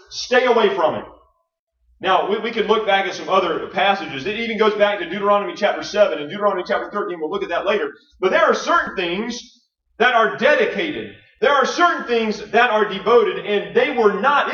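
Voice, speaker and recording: A man with a high voice preaches an earnest sermon, stumbling through fillers and restarts as he works through scripture. He sounds set back from the mic, and the sound is muffled and roomy, like a church hall. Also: fairly bright tone, distant mic.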